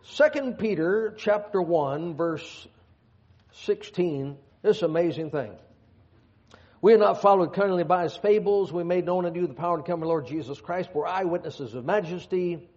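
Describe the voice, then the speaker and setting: Folksy preacher, slightly high voice. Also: male voice, moderate pace, a little mellow. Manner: folksy, joking asides between scripture readings. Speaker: pastor. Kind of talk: sermon. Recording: dull lo-fi sound.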